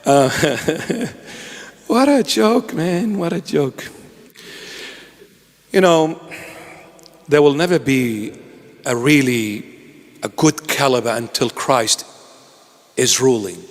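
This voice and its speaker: A man's voice: medium pitch, slow, long pauses, in a large hall. A man preaching a sermon, pleading and impassioned, breaking into joking asides.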